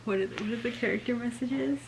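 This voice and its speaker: A woman's voice: fairly high pitch, fast, vocal fry, noisy background. A young woman filming a casual book unboxing vlog at home, sounding let down, with lots of "like" and "oh my gosh". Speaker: book vlogger.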